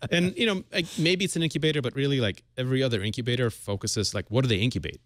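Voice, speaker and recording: A man's voice: mid-range voice, very fast, no echo, studio quality. A man in his forties, a tech founder guest, talking earnestly with many fillers and restarts. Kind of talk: casual panel interview.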